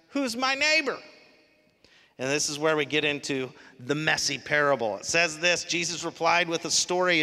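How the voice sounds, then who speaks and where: Bright-voiced man preaching in a reverberant hall. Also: a little high. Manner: animated, swings from soft to loud. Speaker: pastor. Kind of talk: sermon.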